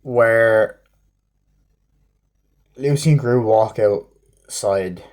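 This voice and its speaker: A man giving a rambling, profane spoken movie review, acting out scenes in quick snippets. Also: medium pitch, darkish tone.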